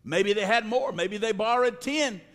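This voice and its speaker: A man preaching a sermon, speaking slowly with drawn-out words and sudden shouts. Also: sits high. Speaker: pastor. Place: church sanctuary. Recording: long reverb of a large hall.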